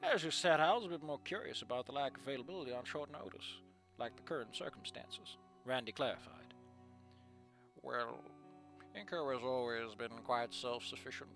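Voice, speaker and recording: A man reading a story aloud, voicing a courteous father of the son's friend who asks calm, curious questions. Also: mid-range voice, moderate pace, faint music behind, natural voice. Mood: polite.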